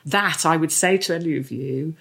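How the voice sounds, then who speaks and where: A woman's voice: deep voice, moderate pace, gravelly, breathy edge. A woman in her sixties, a podcast guest, chatting casually and telling stories, acting out the voices of the people she quotes. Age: 60s. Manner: animated storyteller, acts out quoted voices. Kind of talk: casual chat.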